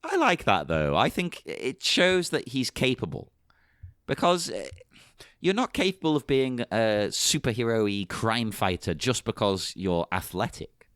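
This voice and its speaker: A man's voice: medium pitch, very animated, measured pace, a bit bright, dry recording. A man on a podcast, trading dry wisecracks in casual chat. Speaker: podcast guest.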